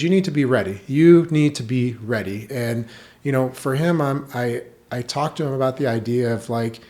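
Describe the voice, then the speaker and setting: A man of middle pitch talks as a guest on a podcast. He tells stories in an animated, casual way and fills his sentences with "like.". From United States. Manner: animated storytelling, heavy use of "like". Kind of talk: casual chat.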